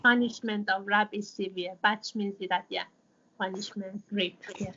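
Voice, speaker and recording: A woman's voice: mid-range voice, fairly even intonation, unhurried, sharp tone, highs cut off, slight background noise. A woman who teaches an online Quran class and explains patiently, with many fillers and restarts.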